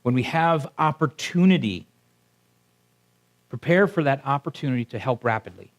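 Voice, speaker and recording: Preaching to his congregation in a church sanctuary, this male pastor speaks in a mid-range, animated voice at a normal speed. His sermon stays conversational, and he regularly stops to ask the listeners before him questions.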